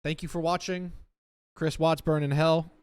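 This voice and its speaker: A man's voice: fairly high pitch, little pitch movement, normal speed, a little mellow, smooth, no echo. A man hosting a reaction video, talking bluntly and heatedly straight to his viewers in a casual way.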